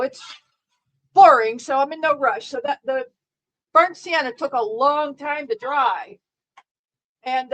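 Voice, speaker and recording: A middle-aged woman talks to her live-stream viewers in a loose, rambling way. Her voice sits a little high. She restarts her sentences often and keeps a dry, sarcastic edge. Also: a bit bright, poor audio. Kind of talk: casual live-stream chat.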